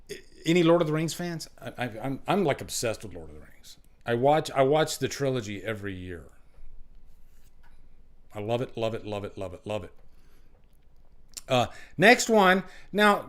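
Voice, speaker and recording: A man hosting a casual live stream chat over a webcam, rambling, repeating himself and filling pauses with fillers. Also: fairly high pitch.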